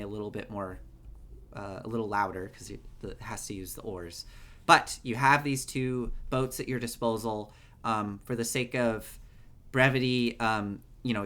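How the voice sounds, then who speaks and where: A man narrating a tabletop game as game master, relaxed, with many fillers. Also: lowish voice.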